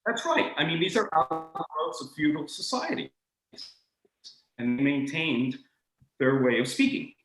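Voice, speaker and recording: A man talking about the history of accents as a guest, animated and expressive, often restarting his sentences. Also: a little high, echoey room, faint music behind, low-quality recording. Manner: expressive, acts out accents in quick asides; frequent restarts and stammered repeats. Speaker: guest speaker on linguistics. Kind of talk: animated conversational lecture.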